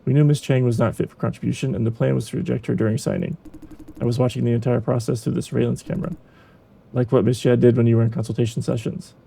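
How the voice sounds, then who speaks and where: A man voicing a calm, encouraging male supervisor in a game, speaking in a measured way. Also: mid-range voice, vocal fry, a little hiss or hum, lightly acted. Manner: measured, reassuring. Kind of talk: reading a game's dialogue aloud.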